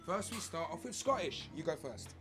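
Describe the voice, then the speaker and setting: A man's voice: a little high, big pitch swings, normal speed. A man on a cooking show, joking and teasing his partner. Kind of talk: lively reality-show banter. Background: music.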